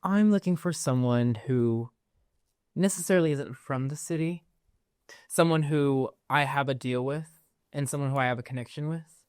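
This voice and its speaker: Very low-voiced woman playing a tabletop game. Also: normal speed, darkish tone, clear, resonant tone, no room sound, clean studio sound. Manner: guarded, probing. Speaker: player.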